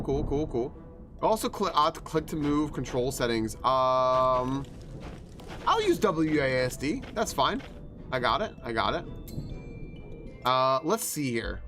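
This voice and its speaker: A man's voice: mid-range voice, a bit bright. Chatty male game streamer. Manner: chatty, thinks aloud with many fillers. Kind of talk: casual live-stream commentary. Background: game music.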